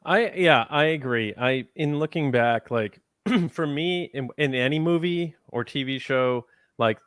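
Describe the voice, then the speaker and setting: A man in casual podcast chat, animated and joking, slipping into quoted voices as he makes his points. His voice sits at a middle pitch. The sound is dry and close, with no room around it. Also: clean tone, no room sound. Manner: animated, jokey storytelling with quoted asides. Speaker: podcast host.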